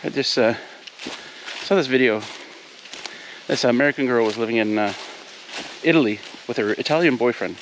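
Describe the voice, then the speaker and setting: A man's voice: mid-range voice, normal speed, pauses often, background noise. A middle-aged man chatting casually to camera for his off-grid cabin vlog, telling stories and laughing often.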